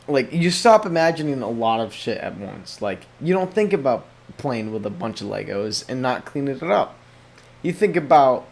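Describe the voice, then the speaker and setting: A young man hosting a solo podcast, rambling casually with lots of swearing and restarts. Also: fairly high pitch. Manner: profane, rambling, many restarts. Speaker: podcast host.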